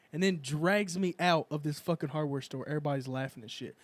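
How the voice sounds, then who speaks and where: A man's voice: fairly high pitch, fast, hardly any pauses, no echo. Young man telling rowdy stories. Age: young adult. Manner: profane storytelling, loud acted quotes. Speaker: podcast host. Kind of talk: casual chat.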